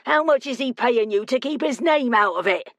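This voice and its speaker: A woman's voice: on the high side, expressive, moderate pace, no echo, pitched above the performer's own voice, lightly acted. A woman voicing a belligerent heavy-set male drinker who growls his accusations in a West Country accent. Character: brawling middle-aged male drinker, belligerent.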